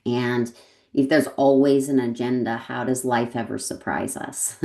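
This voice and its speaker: Woman, very low voice, mellow, reflective guest, laughs often, echoey room. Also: steady tone, unhurried. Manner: thoughtful, laughs often, trails off mid-sentence. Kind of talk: reflective conversation. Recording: roomy echo.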